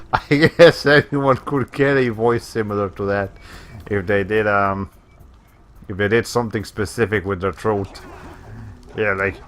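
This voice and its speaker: A man's voice: lowish voice, fairly even intonation, takes it slowly, pauses often, a bit bright. A man streaming a video game, giving casual, rambling commentary as he plays, laughing often and correcting himself.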